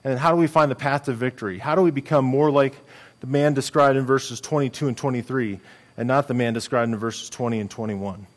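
A man's voice: mid-range voice, fairly quick. Earnest male pastor preaching. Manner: earnest, conversational preaching with restarts. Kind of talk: sermon.

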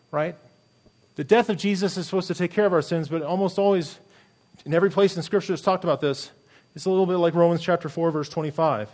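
A middle-aged man, a pastor, preaching a sermon earnestly and emphatically, with many rhetorical questions. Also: fairly high pitch.

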